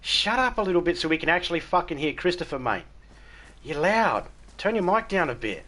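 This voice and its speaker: A very animated Australian man with a fairly high, sharp-toned voice talks fairly quickly to his chat during a live gaming stream. The conversation is casual; he's blunt and frank, curses freely, and cracks himself up with his own jokes.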